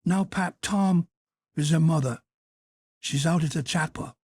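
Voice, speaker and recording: A man's voice: on the high side, measured pace, a little mellow, no room sound, clean studio sound, pitched above the performer's own voice. A man voicing a small, frightened boy who pleads and whimpers in an audiobook story. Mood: timid. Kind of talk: audiobook character voice.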